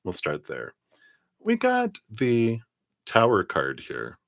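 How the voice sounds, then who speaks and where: A man's voice: lowish voice, huge pitch swings, slow, creaky, fairly bright tone, no room sound, clean studio sound. A man giving a live-streamed tarot reading, chatty and laughing often, with lots of ums and you-knows. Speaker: tarot card reader.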